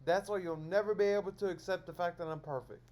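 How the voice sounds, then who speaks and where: A man's voice: sits high, fairly even intonation, fast talker, darkish tone. A man lecturing his viewers in a solo stream monologue, scolding them over and over in repetitive phrases.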